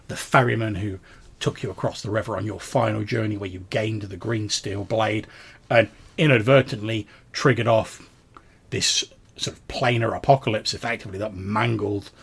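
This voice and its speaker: A man with a gravelly, slightly husky, lowish voice serves as game master for a tabletop game. He describes scenes loosely and ramblingly, peppering them with "sort of" and "like".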